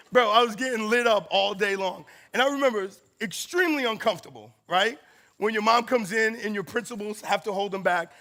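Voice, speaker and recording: A man's voice: sits high, normal speed, sharp tone. A man giving a casual storytelling sermon to a campus group, laughing often and acting out the people in his story. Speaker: campus ministry speaker.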